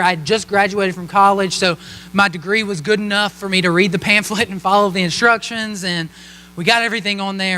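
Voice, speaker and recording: A young man in his twenties, a pastor telling a joking personal story in a sermon, animated and playful. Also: high voice, a little hiss or hum. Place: church hall. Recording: long hall reverb.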